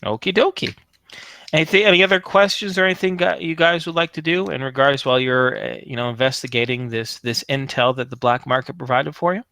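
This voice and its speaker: A man running a tabletop game, his voice bright and forward. The sound is dry and close, with no room around it. He talks in a wordy, friendly way and drops quick apologies. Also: mid-range voice, smooth, no room sound. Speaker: game master. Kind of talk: narrating a tabletop game over voice chat.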